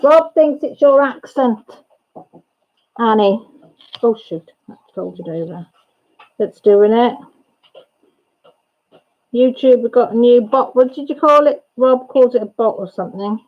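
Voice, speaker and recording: A woman's voice: a little high, lively intonation, measured pace, pauses often. A woman hosting a casual livestream chat, greeting viewers by name and chatting with her family off-camera. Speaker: livestream host and mother. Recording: dull lo-fi audio.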